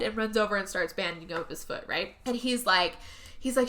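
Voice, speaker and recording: A woman's voice: mid-range voice, fairly quick. A woman co-hosting a podcast, recapping a movie in casual chat and acting out the characters as she goes. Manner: animated retelling, acting out characters with swearing and laughs. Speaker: podcast co-host.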